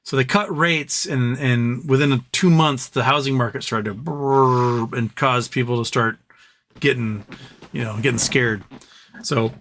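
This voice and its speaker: A man's voice: medium pitch, unhurried, a bit bright. A man in his forties hosting a casual live stream, answering viewer questions in a blunt, opinionated way, with lots of fillers and restarts. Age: 40s. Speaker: livestream host reading viewer questions.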